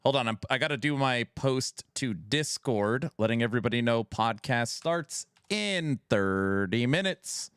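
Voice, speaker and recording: A man's voice: mid-range voice, expressive, normal speed, few pauses, a bit bright, clean tone, dry recording, clean studio sound. A man streaming from home, bantering with his chat and reading out community questions in a casual, sometimes raised voice. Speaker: streamer hosting a gaming podcast. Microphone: headset mic.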